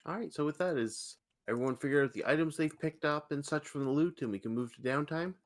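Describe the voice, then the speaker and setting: A man's voice: fairly high pitch, quick pace. A man running a tabletop game as game master, steadily explaining rules and page numbers.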